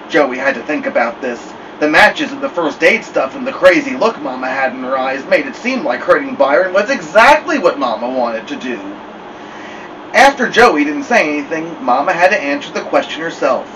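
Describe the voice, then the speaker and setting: A man reading a children's novel aloud with expressive storytelling. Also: a little high, moderate pace, distant mic, a little hiss or hum, low-quality recording. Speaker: storybook reader.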